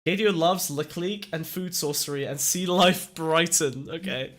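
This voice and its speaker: A man hosting a podcast, chatting casually with jokey, excitable outbursts. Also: on the high side, moderate pace, hardly any pauses, a crowd in the background. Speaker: podcast host. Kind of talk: casual chat.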